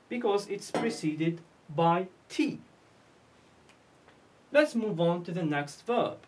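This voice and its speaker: A woman teaching English pronunciation, asking and answering her own questions and repeating each word. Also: lowish voice. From North Africa. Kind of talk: slow classroom lesson.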